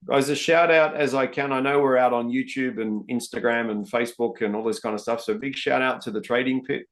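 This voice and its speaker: A man commentates live trades for an online audience. He speaks in a relaxed, chatty way at a middle pitch and keeps calling viewers guys and mate. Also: fairly quick. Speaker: trading educator hosting a live session. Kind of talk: live-stream trading commentary.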